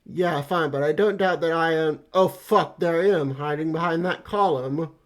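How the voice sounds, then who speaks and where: A man voicing an aloof, crude teenage boy while reading a comic aloud. The boy talks in a flat, sarcastic way and swears often. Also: on the high side, normal speed, natural voice.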